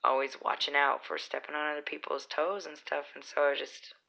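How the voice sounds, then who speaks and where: A woman's voice: low-pitched, level tone, brisk, gravelly, sharp tone, poor audio. A young woman from Utah telling rambling stories in a casual vlog, full of fillers. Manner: chatty, rambling, lots of fillers. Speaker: vlogger. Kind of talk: casual storytelling.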